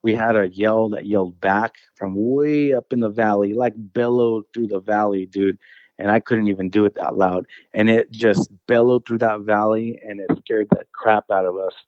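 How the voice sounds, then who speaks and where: A man's voice: lowish voice, fairly even intonation, moderate pace, dry recording, lo-fi sound. A man casually telling a personal encounter story as a guest. He rambles, restarts his phrases and keeps saying dude and bro.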